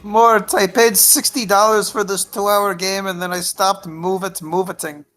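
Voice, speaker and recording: A podcast panelist doing an impression of a flamboyant cartoon lemur king, with raised pitch and exaggerated, lofty complaints. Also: level tone, normal speed, a bit bright, faint music behind, lightly acted. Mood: mock-indignant.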